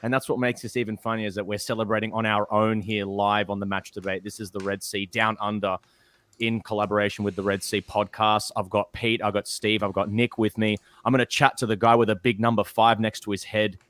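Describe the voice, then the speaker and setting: A man's voice: fairly low pitch, little pitch movement, brisk, a bit bright, no room sound. A man hosting a podcast, boisterous and gleeful, swearing freely in casual chat. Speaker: podcast host.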